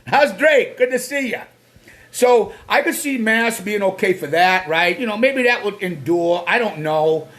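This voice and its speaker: A man's voice: high-pitched, measured pace, fairly bright tone. A man from Massachusetts with a Boston accent, hosting a casual live stream. He rambles bluntly, swears freely and greets viewers by name.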